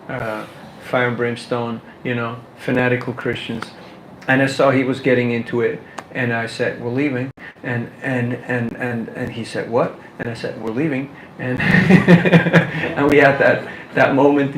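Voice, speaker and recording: A man giving a casual workshop talk on book distribution, animated and full of rhetorical questions, laughing now and then. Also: mid-range voice, echoey room, slight background noise, poor audio.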